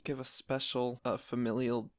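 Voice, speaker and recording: A man's voice: mid-range voice, flat delivery, normal speed. A man co-hosting a casual podcast discussion, building long points and often speeding up. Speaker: podcast co-host.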